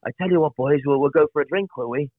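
A man's voice: on the high side, fast talker, dry recording, lightly acted. A man putting on a boisterous Welsh lad. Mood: jovial. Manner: jovial, egging the group on. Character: boisterous young Welsh man, hard-drinking cyclist. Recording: tinny phone-like line.

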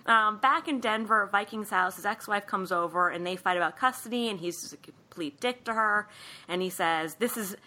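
Podcast co-host, woman, bright forceful voice, chatty animated recapper. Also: medium pitch, normal speed. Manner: animated storytelling, acts out quoted lines. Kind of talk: casual movie recap.

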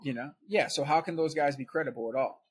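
A man's voice: on the high side, fast, a crowd in the background. A man guest on a podcast, telling his story in a casual, conversational way and checking in with "right?".

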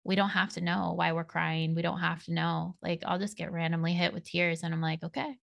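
Woman, podcast guest, spiritual coach, earnest, meandering, frequent laughs, gravelly. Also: lowish voice, level tone, a little fast, a bit bright, no echo. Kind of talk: podcast interview conversation.

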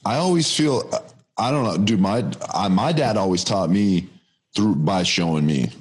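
A young man with a fairly low, husky voice, talking in relaxed, slangy chat. He tells his stories in an easy, unhurried way. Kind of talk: casual chat.

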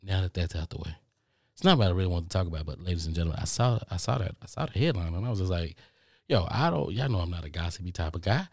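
A man's voice: deep voice, lively intonation, fast, no echo, clean studio sound. A middle-aged man from the United States hosting a podcast, ranting in a casual monologue with lots of repetition and swearing. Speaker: podcast host.

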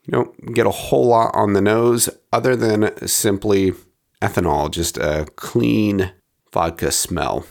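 A man hosting a podcast, describing a bottle and tasting it in a measured, descriptive way, with quieter asides as he handles it. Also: fairly low pitch, creaky. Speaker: podcast host reviewing spirits. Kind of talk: scripted review narration.

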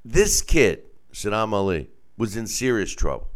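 A man's voice: fairly low pitch, sing-song, a little slow. A man hosting a casual boxing commentary show, giving blunt, opinionated takes.

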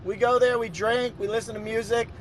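A man's voice: very high voice, steady tone, fairly quick, slight background noise, rough recording. A man hosting a casual live audio chat, joking and sarcastic as he talks with his guests. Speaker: host.

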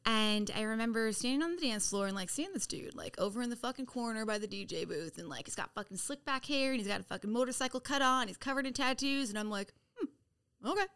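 A middle-aged woman from San Diego telling her life story on a podcast in a blunt, profane, animated way. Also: fairly high pitch, fast, clear, resonant tone. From San Diego, California. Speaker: podcast guest. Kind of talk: casual storytelling.

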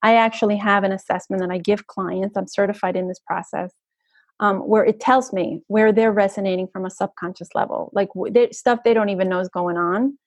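A woman's voice: medium pitch, steady tone, fairly quick, no room sound. A woman energy coach talking as a guest in an interview, flowing and earnest, often checking in with "right?". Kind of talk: conversational podcast interview.

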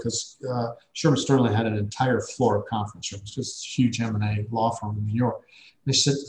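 A man who works as a business coach, telling an anecdote with lively acted-out dialogue. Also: mid-range voice, echoey room, rough recording. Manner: animated anecdote teller, acts out dialogue. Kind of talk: storytelling talk.

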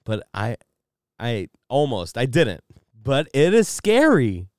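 A man's voice: mid-range voice, huge pitch swings, slow, no room sound, clean studio sound. A young man co-hosting a podcast, rambling through crude stories and laughing often. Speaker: podcast co-host. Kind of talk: casual chat.

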